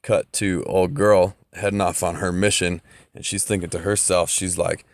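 A man's voice: low voice, flat delivery, normal speed, dry recording. A man casually recapping a story, loose and profane, with lots of fillers.

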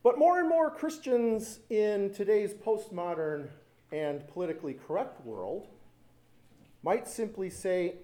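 A man's voice: high-pitched, sing-song, slow pace, mellow. A man preaching a sermon as pastor, telling stories with animation and repeating lines for emphasis.

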